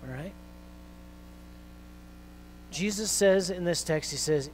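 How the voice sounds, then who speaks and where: A man preaching a sermon in a conversational way, with fillers and restarts, growing louder and more intense when he quotes scripture. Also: sits high, slow pace, pauses often, faint music behind, poor audio. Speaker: pastor.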